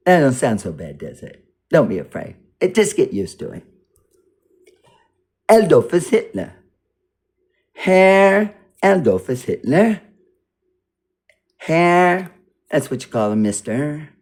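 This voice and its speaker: A man's voice: a little high, darkish tone. A man giving casual commentary over a video, rambling and repeating words as he mock-teaches pronunciation. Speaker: video reactor.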